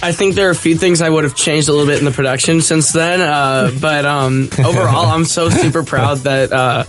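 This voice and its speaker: A man's voice: a little high, fairly even intonation, brisk, fairly bright tone, soft background music. A teenage male rapper and singer, chatting in a friendly way as a radio guest, with hesitant fillers. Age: teens. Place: radio studio.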